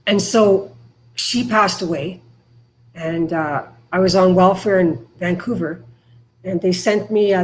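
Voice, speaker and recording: A middle-aged woman from Canada tells her story in a candid interview. She speaks bluntly and haltingly, and her voice wavers at times with emotion. A faint background noise sits under her voice. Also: fairly low pitch, low-quality recording. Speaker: podcast guest.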